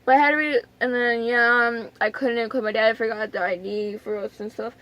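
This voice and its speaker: A young woman vlogging to camera, telling a story in a rambling, chatty way full of fillers and restarts, and often dropping to a soft near-whisper. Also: a little high, little pitch movement, moderate pace.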